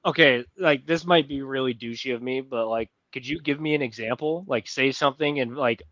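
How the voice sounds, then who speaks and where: A male podcast host rambles through his questions, padding them with fillers. The recording sounds dull and very dry. His pitch is mid-range. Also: brisk, a bit bright, no echo. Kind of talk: casual podcast conversation.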